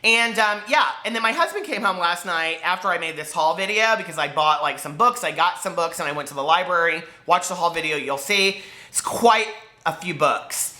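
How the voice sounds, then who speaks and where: A man chats to camera in a casual home vlog, his voice bright and forceful. He rambles in an animated way and often laughs. He draws out words for dramatic emphasis as he walks from room to room with the camera. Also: high-pitched, moderate pace. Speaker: book vlogger host. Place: at home, walking between rooms.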